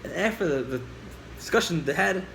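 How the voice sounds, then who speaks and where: A man teaching a class, telling a story with lively acted-out dialogue and questions to the listeners. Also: a little high, a little fast, creaky, a little hiss or hum, low-quality recording.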